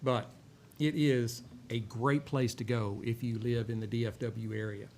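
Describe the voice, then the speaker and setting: A man from Texas with a drawl, hosting a cigar review show and chatting in a rambling, relaxed way with many filler words. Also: medium pitch, unhurried. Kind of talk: casual chat while smoking a cigar. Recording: faint background noise.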